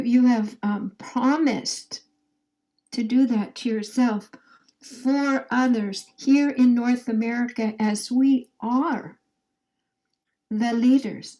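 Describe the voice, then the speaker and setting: A woman leading a guided meditation in a soft, drawn-out way, her phrases trailing off into whispers as she invites listeners to repeat affirmations after her. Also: on the high side, low-quality recording. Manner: leads call-and-response affirmations.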